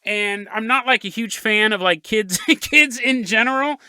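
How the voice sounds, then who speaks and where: A man hosts a podcast and tells a story in a loose, jokey way, wandering into asides. His voice is bright and lively, and his pitch moves a lot. The sound is dry and close, with no room around it. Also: a little slow, smooth, no room sound. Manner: jokey, rambling, laughs at his own asides. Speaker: podcast host.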